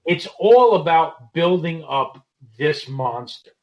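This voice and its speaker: A man guesting on a podcast, chatting about wrestling in a relaxed way with lots of fillers. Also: a little high, takes it slowly, poor audio. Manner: relaxed, heavy on "you know" fillers. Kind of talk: casual wrestling podcast chat.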